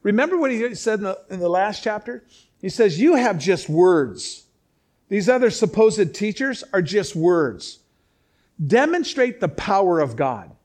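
A man preaching a conversational Bible teaching, animated, with sarcastic asides and chuckles. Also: sits high, measured pace. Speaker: pastor. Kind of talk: expository sermon.

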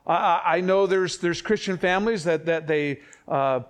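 An older man preaching a sermon in a conversational way, with family anecdotes and quick self-corrections. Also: high voice, clear, resonant tone. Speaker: pastor.

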